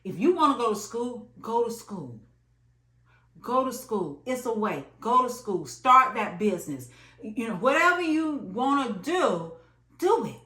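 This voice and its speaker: A woman in her late thirties telling an emphatic, animated story about her job in a vlog. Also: on the high side, unhurried. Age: late 30s. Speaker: vlogger. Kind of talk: storytime monologue. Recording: echoey room.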